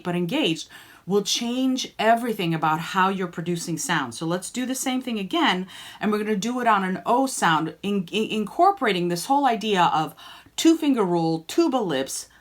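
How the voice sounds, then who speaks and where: A woman singing teacher coaching students by name in an online group lesson, encouraging them and demonstrating sung vowels. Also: mid-range voice.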